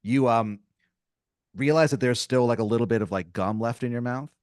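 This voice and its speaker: A man's voice: medium pitch, normal speed, dry recording, studio quality. A man running an improvised tabletop-style story as game master, casual and profane, with lots of fillers.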